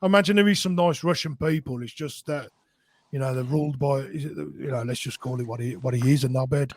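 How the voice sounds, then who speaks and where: A man's voice: medium pitch, quick pace, a little mellow, slightly rough. A man with a Midlands accent co-hosting a podcast, rambling and self-deprecating in casual chat, stumbling and repeating words. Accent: West Midlands English. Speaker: podcast co-host.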